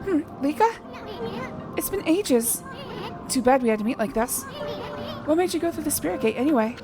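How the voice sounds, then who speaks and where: A woman voicing a tiny, brash male wandering artist sprite who talks quick and teasing, with game music behind. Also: high voice, animated. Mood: urgent.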